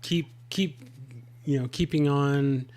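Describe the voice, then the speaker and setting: A man's voice: mid-range voice, steady tone, a little mellow. Male podcast host, hesitant questions, lots of uhs, easygoing interviewer. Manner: halting, many fillers and restarts. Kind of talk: casual interview.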